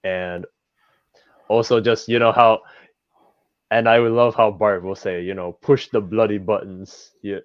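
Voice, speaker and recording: A man's voice: lowish voice, fairly even intonation, a little slow, pauses often, no echo, highs cut off. A man as a guest in a casual chat, rambling with many fillers. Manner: rambling, heavy fillers like "you know".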